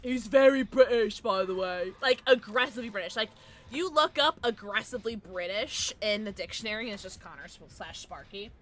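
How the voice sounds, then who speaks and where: A tipsy woman livestreaming a game, chatting casually with her viewers, giggling and breaking into loud squeals and shouts. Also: mid-range voice, brisk. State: tipsy from drinking. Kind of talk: casual livestream chat while gaming.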